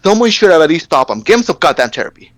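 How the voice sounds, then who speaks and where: Fired-up man, fairly high voice, cursing and stammering in a casual rant, dry close sound. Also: rapid-fire, no echo. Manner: profane, animated, stammering.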